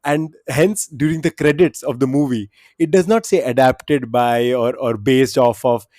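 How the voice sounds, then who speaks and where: A man's voice: medium pitch, moderate pace, warm tone, no room sound, clean studio sound. A man co-hosting a quiz podcast, chatting casually and laughing often.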